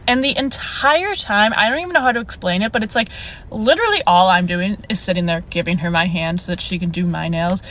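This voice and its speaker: A woman's voice: mid-range voice, brisk, a bit bright. A young woman telling a casual storytime, exasperated and incredulous, laughing as she goes.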